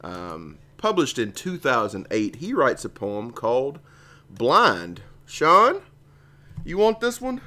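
A man co-hosting a casual comedy podcast, joking and laughing often as he chats. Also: slow pace. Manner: joking, laughs often, lively swings in pitch. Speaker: podcast co-host.

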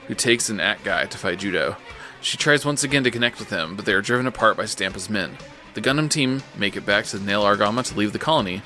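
A man co-hosting a casual podcast, recapping an anime episode in a relaxed, dry way. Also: on the low side. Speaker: podcast co-host.

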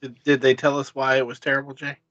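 A man's voice: medium pitch, completely flat delivery, fast, fairly bright tone, no room sound, dull audio. A man chatting casually as a podcast co-host, easygoing with dry humor. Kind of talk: casual chat.

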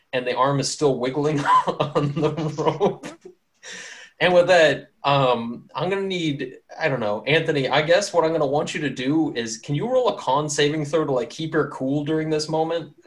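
A man hosting a tabletop game podcast, narrating casually with many fillers and frequent laughter. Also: a little high. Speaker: game master and podcast host.

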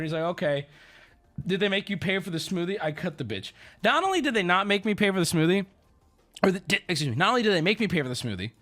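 Animated high-voiced man telling a rant. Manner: animated, profane, acts out quoted voices. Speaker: streamer. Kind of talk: casual storytelling rant.

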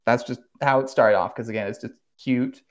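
A man hosting a podcast, recapping an animated series in an animated, casual way, swearing now and then and laughing often. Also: mid-range voice, fairly quick. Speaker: podcast host.

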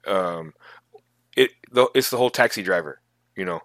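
Bright-voiced, lively male podcast host. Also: sits low, normal speed, no room sound. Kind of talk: casual chat about tabletop gaming.

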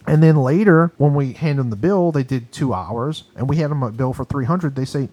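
A man's voice: medium pitch, a little fast, few pauses, darkish tone, muffled recording. A man on a podcast in a recording studio, telling a long story as a casual rant that is agitated, profane and emphatic. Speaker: podcast co-host.

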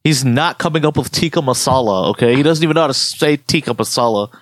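A young man co-hosting a podcast, ranting and joking in animated, slangy casual chat. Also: mid-range voice, fast, no echo. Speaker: podcast co-host.

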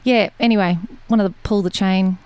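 A woman's voice: medium pitch, steady tone, fairly quick, noisy background. An Australian woman guest chatting casually, telling rambling stories from her country childhood with frequent laughs. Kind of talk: casual chat.

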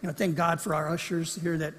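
A male pastor preaching a sermon in a church, lively and acting out the lines he quotes. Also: a little high, fairly quick, big-room sound, noisy background. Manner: animated, acts out quoted lines. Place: church sanctuary.

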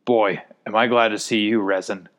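A man's voice: lowish voice, steady tone, normal speed, a bit bright, close to an everyday voice. A man voicing a tired young fraternity leader with a strained, growling voice in a storybook reading. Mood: relieved.

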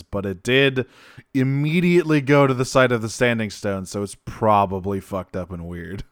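Man, podcast co-host, casual recap, smooth resonant voice, dry sound. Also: medium pitch, measured pace, fairly bright tone, no room sound. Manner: swears freely, laughs often.

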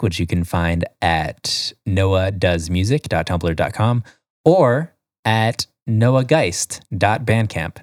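A man co-hosting a podcast in casual chat, laid-back and deadpan. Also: low voice, no room sound, studio quality. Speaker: podcast co-host.

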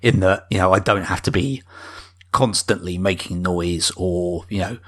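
A man with a low, slightly husky voice, talking in a relaxed podcast chat. He stumbles and restarts often, then lands on a self-deprecating joke. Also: moderate pace. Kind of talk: casual chat.

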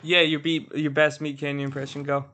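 Teasing podcast host, higher man's voice. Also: flat delivery, fairly quick, pushed and bright. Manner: teasing, laughing often. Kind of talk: casual chat.

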